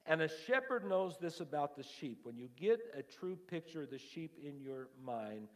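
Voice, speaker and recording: A male pastor preaching a sermon. His volume swings from hushed asides to loud, emphatic lines, and he often repeats and restarts his words. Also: a little high, very animated, normal speed, few pauses. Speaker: lead pastor. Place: church sanctuary. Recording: long hall reverb.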